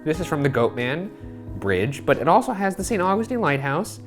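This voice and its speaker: A young man talks in lively, playful banter as co-host. His pitch swings widely and he laughs often. Faint music plays underneath. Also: fairly quick. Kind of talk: casual banter.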